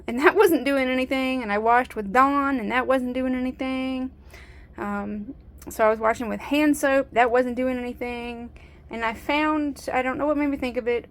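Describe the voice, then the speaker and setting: A woman with a somewhat high voice talks casually to her viewers while she works at home. She thinks out loud, breaks off mid-thought and picks the thread back up in an easy, chatty way. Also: low-quality recording. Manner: chatty, thinks aloud, self-interrupting. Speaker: resin artist vlogger. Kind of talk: casual chat while working.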